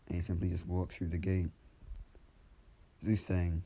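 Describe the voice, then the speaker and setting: A man improvising a fan story out loud in a casual, rambling way, with many restarts and some swearing. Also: sits low, level tone, a little slow, pauses often, husky.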